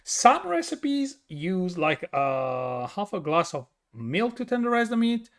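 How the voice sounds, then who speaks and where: A man's voice: sits high, sing-song, takes it slowly. A tired man with an Italian accent, streaming and answering viewer questions in a chatty way, full of fillers and restarts. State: tired from little sleep. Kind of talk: casual chat reading viewer questions.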